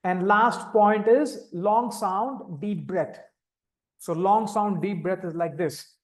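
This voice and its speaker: A man with an Indian English accent leads a meditation class, explaining each step calmly and simply. His voice sits fairly high for a man. It comes through a video call. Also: slow pace. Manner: calm, step-by-step instructing, demonstrating vocal sounds. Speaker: meditation teacher. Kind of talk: live online meditation instruction.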